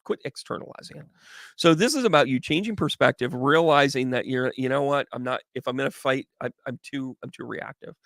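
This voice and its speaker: A man doing casual live tarot readings as a medium, chatty and animated, greeting viewers by name. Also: medium pitch, fairly quick, hardly any pauses, dry recording, clean studio sound.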